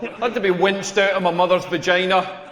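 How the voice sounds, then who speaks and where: A brash Scottish man in his forties tells crude, self-deprecating stories on a club stage. His voice sits fairly high and rings out with a long, roomy echo. An audience laughs behind him. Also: fairly even intonation, a little fast, a bit bright, slight background noise. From Scotland. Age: 40s. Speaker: stand-up comedian. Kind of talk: stand-up comedy set.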